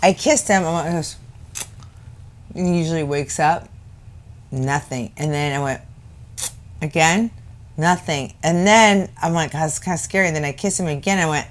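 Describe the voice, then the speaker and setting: A woman's voice: sits low, unhurried, pauses often. A middle-aged woman co-hosting a talk show, jumping in with her side of the story in casual chat, laughing often. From Orange County, California. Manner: expressive, jumps in to add to the story, laughs often. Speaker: radio show co-host.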